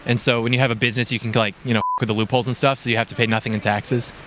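Deadpan needling man on a street. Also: medium pitch, rapid-fire. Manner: deadpan, needling, mock-innocent. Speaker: YouTuber confronting protesters. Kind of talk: provocative street interview. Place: outdoors by a street. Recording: outdoor street noise.

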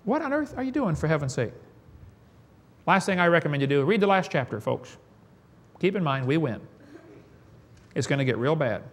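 A man with a Southern US accent preaching a sermon in a folksy, joking way, swinging between loud and soft. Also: fairly high pitch, sing-song, normal speed, pauses often. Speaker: evangelist preacher.

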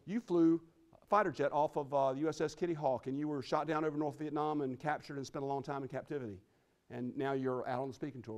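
A middle-aged man giving a motivational speech at a conference, talking quickly and often repeating or restarting his words. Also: medium pitch, a little mellow. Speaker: conference speaker. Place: conference hall.

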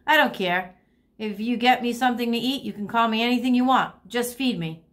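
A woman's voice: fairly high pitch, a little fast, a bit bright, pitched above the performer's own voice, close to an everyday voice. A woman voicing a bossy, hungry young female bird who can't fly, demanding and pouting.

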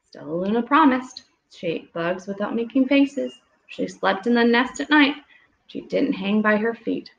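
Woman, higher voice, storytime reader at home; gentle, asks kids questions; echoey room, dull lo-fi, faint background noise. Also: lively intonation, normal speed, creaky. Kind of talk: reading picture books aloud to children. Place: home room with children nearby.

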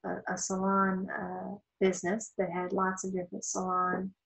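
A woman's voice: mid-range voice, monotone, moderate pace, gravelly, poor audio. Woman giving a casual law lecture. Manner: conversational, with asides and fillers. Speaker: law instructor. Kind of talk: recorded lecture.

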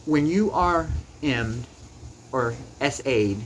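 A man's voice: mid-range voice, lively intonation, slow, a little hiss or hum, poor audio. A man giving a heated commentary rant to camera, emphatic and passionate, often repeating words as he gets worked up. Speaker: YouTuber.

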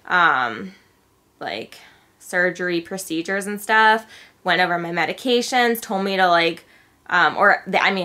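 A young woman vlogging in a bright, clear voice. She talks in a loose, chatty way and leans on filler words throughout. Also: on the low side. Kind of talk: casual vlog chat.

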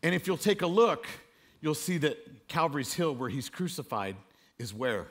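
A man preaching a sermon to a room, dropping to a hush and then rising loud and high. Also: big pitch swings, normal speed. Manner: dramatic swings between hushed and loud, preaching to a room. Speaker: pastor.

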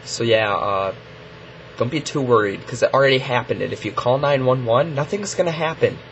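A teenage boy vlogging casually to his webcam, rambling and halting with lots of fillers. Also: medium pitch, fairly bright tone. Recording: dull lo-fi webcam audio with faint hiss.

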